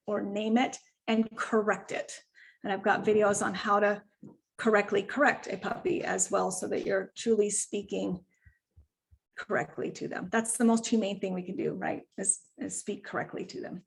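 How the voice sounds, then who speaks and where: A woman dog trainer coaching clients over a video call, animated and quick to act out owners and puppies. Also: mid-range voice, vocal fry, a little hiss or hum. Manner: animated, acts out owners and puppies in quoted voices. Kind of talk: virtual client training session.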